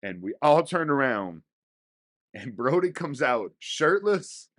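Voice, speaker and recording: A man's voice: medium pitch, sing-song, slow pace, fairly bright tone, no echo, studio quality. A young man telling a rowdy, profane story in casual podcast chat, often laughing. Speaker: storyteller guest.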